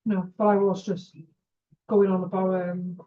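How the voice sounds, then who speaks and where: A woman's voice: medium pitch, flat delivery, unhurried. A woman in casual chat, blunt and speaking in short retorts. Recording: distant, echoey, dull lo-fi.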